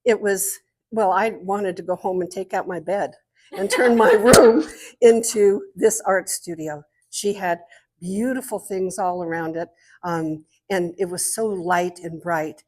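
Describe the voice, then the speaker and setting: An older woman and guest artist speaking to an art club, telling lively stories and showing objects as she talks. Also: on the low side, measured pace. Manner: lively storyteller, showing objects while talking. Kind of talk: storytelling talk to an art club.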